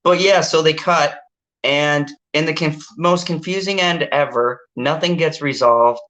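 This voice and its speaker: A woman hosting a casual movie review chat, ranting and swearing in exasperation. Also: measured pace. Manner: exasperated, swearing, ranting with animated pitch jumps.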